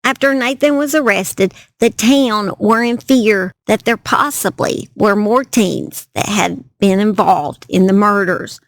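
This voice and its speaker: A woman's voice: medium pitch, measured pace, hardly any pauses, dry recording. A woman with a Southern US accent telling a true crime story by a campfire outdoors at night, chatty and self-deprecating. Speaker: true crime channel host. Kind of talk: casual storytelling to camera.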